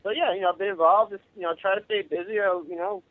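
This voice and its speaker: A man's voice: high voice, fairly even intonation, no echo. Modest rambling man on a tinny phone line. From Long Island, New York. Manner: modest, rambling, halting with many restarts. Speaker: guest, actor and director. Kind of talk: casual radio interview.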